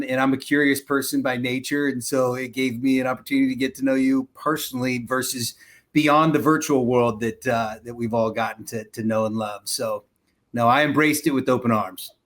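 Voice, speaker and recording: Man, middle-aged, interview guest, measured, gracious, friendly laughs, conversational. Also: mid-range voice, steady tone, fairly bright tone. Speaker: guest, real estate company president. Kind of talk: casual interview chat.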